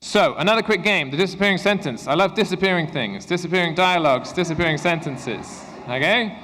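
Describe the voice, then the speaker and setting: A man runs an interactive teacher-training session in a somewhat high voice, upbeat and encouraging. He gives quick instructions to the room. His voice rings with the long reverb of an echoey conference hall. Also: lively intonation, pushed and bright. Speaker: workshop presenter for English teachers.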